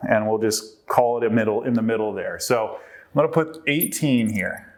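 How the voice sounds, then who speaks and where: A man's voice: on the low side, animated, moderate pace. A man presenting a workshop to a live group, quizzing the audience and working through numbers aloud.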